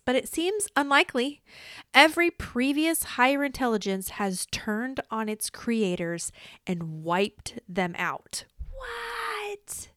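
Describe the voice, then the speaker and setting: A woman's voice: on the high side, fairly bright tone, no echo, clean studio sound. A woman hosting a casual podcast, reading answers aloud and reacting with curses, laughs and mock alarm. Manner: bursts of quick talk. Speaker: podcast host.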